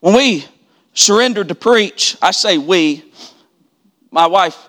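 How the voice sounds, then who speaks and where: A preacher delivering a sermon at a church service, moving from quiet storytelling to shouted preaching with repeated refrains. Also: male voice, high voice, animated, slow pace. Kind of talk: revival sermon.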